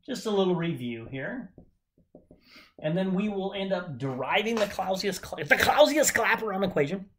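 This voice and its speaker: Lively, animated male chemistry teacher. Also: sits high, normal speed, a little hiss or hum. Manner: enthusiastic, jokey, talks to students directly. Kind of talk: whiteboard lecture.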